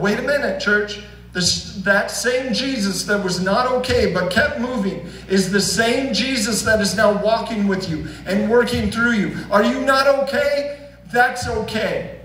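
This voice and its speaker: High-voiced pastor preaching in an echoey church. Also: male voice, a bit bright. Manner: earnest, emphatic preaching with rhetorical questions. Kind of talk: sermon. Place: church sanctuary. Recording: roomy, distant church recording with faint hum.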